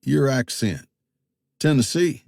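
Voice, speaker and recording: A man voicing a menacing backwoods boatman with a shotgun in an audiobook, with slow rural threats. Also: mid-range voice, expressive, vocal fry, a little mellow, no room sound, clean studio sound, voice pushed up, heavily acted.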